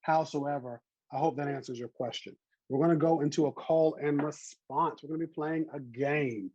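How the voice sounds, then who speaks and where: A man's voice: a little high, moderate pace, darkish tone, no room sound, highs cut off. A man in his thirties with a Southern US accent, teaching an online botany class in a chatty, encouraging way over a video call. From American South.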